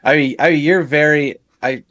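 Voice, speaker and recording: A man's voice: fairly high pitch, moderate pace, a bit bright, dry recording. A young man co-hosting a podcast in casual chat, easygoing and full of short reactions. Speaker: podcast co-host.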